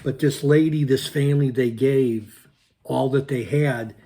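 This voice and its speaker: A man hosting his own channel, telling a personal story to his viewers in an animated, repetitive way with punchy sound words. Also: medium pitch, a little slow. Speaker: channel host.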